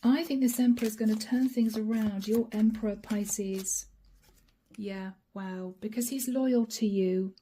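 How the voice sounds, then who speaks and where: A woman giving a channeled tarot reading in a hoarse, raspy voice that is fading, speaking softly with whispered asides. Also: mid-range voice, fairly even intonation, measured pace. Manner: soft-spoken with whispered asides. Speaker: tarot card reader.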